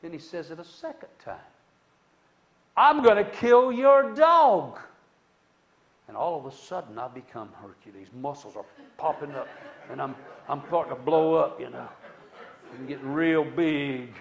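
Through dull audio, a man with a creaky, mid-range voice at normal speed recounts his personal testimony conversationally. His delivery swings dramatically between loud and hushed, with many asides to the listener.

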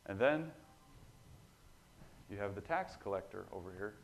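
Earnest lowish-voiced male preacher. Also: expressive, measured pace, gravelly, pauses often. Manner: earnest, emphatic, swells louder on key points. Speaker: pastor. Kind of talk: sermon.

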